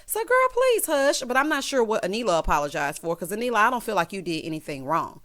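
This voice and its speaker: A woman's voice: on the low side, lively intonation, quick pace, a bit bright. Sassy chatty woman vlogger. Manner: sassy, chatty, talks straight to the cast. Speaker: recap vlogger. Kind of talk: casual reality-TV recap.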